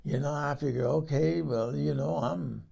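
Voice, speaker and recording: A man playing Eunice, a gravelly 78-year-old gossip. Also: a little high, moderate pace, mellow. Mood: fond, rambling. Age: 78 (figure). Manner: folksy, salty, rambling storyteller with many restarts. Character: rambling 78-year-old woman recalling her husbands. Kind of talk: comedic character monologue.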